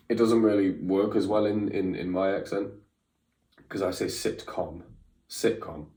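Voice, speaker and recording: A man's voice: deep voice, fairly even intonation, moderate pace, darkish tone, reverberant, far from the mic. A man hosting a reaction video, thinking aloud in casual commentary, repeating lines and stumbling over his words.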